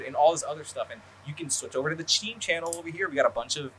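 Podcast host guy rambling and cussing, bright voice, lots of ums and likes. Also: on the high side, racing, a little hiss or hum. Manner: rambling, profane, lots of fillers. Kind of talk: casual chat.

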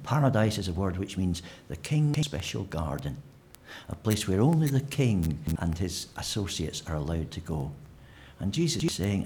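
A man's voice: deep voice, very animated, normal speed, darkish tone, a little hiss or hum. A man preaching a sermon in a church, conversational and full of fillers and restarts.

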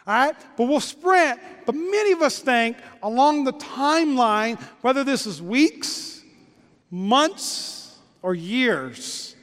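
A man preaching a lively sermon, joking with volunteers onstage in quick bursts. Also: very high voice. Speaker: pastor. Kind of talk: lively sermon with stage demonstration. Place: church auditorium. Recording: long reverb of a church hall.

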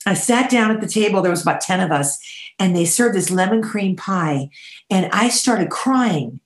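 A woman guest on an interview, telling animated, emphatic stories and swearing casually. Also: mid-range voice, moderate pace, roomy sound. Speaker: guest, dessert baker.

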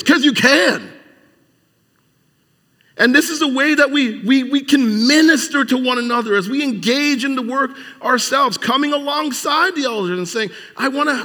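A man with a fairly high voice preaches a sermon in a church sanctuary, talking conversationally and often restarting his sentences. He presses his points with strings of rhetorical questions, and his voice rings out with a long reverb from the hall. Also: pushed and bright. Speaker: pastor.

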